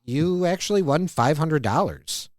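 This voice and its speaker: A man hosting a podcast, recapping a cartoon episode in relaxed casual chat. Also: a little high, unhurried, no echo, studio quality. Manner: relaxed, recaps scenes by reading out quotes. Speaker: podcast host.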